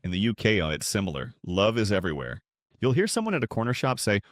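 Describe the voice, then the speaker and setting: A man's voice: fairly low pitch, very animated, quick pace, no echo, studio quality. A man giving scripted comedic narration for an explainer video, with a wry, playful and punchy delivery.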